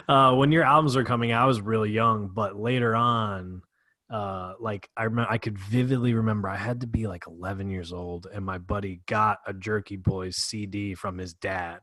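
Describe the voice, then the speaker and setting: A man's voice: lowish voice, moderate pace, pushed and bright, dry recording. A young adult man hosting a podcast, chatty and loose, full of "like" and "dude". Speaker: podcast host. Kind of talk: casual chat.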